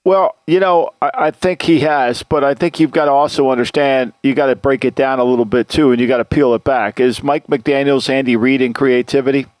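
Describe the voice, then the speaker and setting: A man's voice: mid-range voice, fairly even intonation, a little fast, hardly any pauses, darkish tone, no echo. A man hosting a sports podcast, talking football in a blunt, opinionated way with many restarts. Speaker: podcast host, football analyst. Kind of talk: casual sports talk.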